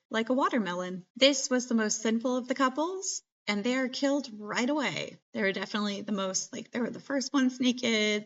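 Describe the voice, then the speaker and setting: A woman hosting a podcast recaps a movie in a chatty, jokey manner, packing in fillers, especially "like." Her mid-range voice has a fairly bright tone, recorded on a dull lo-fi podcast mic.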